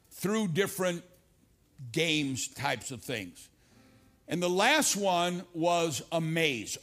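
An older man preaching a sermon to a congregation, rising on repeated lines and dropping low and confiding when he tells a story. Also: a bit bright. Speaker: pastor. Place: church stage before a congregation.

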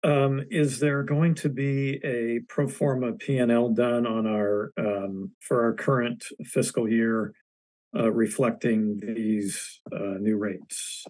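A man with a scratchy, hoarse voice asking halting questions at a public meeting, full of fillers and restarts. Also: medium pitch, fairly even intonation, a little mellow, dry recording. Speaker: board member asking questions.

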